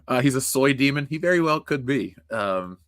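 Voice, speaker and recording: A man's voice: mid-range voice, expressive, normal speed, a bit bright, no room sound, clean studio sound. A man hosting a casual livestream, reading chat and ranting bluntly with profanity. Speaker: livestream host.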